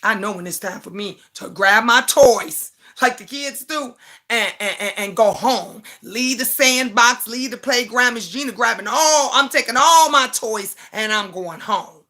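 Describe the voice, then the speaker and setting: A woman's voice: fairly high pitch, unhurried, sharp tone. An older woman hosting a livestream, talking bluntly, repeating words for emphasis and reading out viewer comments. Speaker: livestream host. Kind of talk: casual livestream talk.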